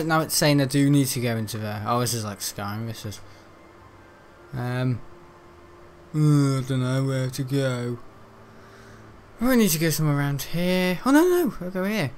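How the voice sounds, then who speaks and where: Rambling chatty teen gamer. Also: male voice, on the high side, a little hiss or hum. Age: teens. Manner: rambling, chatty, laughs often. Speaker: gaming video host. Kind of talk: casual let's-play commentary.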